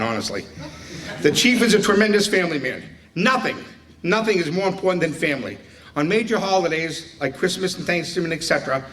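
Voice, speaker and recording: A man's voice: on the high side, fairly bright tone. A man giving a speech at a retirement dinner, telling stories and acting out quoted dialogue. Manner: storytelling, joking, acts out quoted dialogue. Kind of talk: speech with anecdotes. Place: banquet room. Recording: distant mic with faint room noise.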